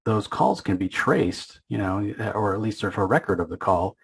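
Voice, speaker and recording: A comic book podcast host casually recaps an issue, retelling scenes with quick acted-out quotes and frequently pausing on fillers and restarts. His fairly low, gravelly voice is animated, and the low-quality recording sounds slightly rough.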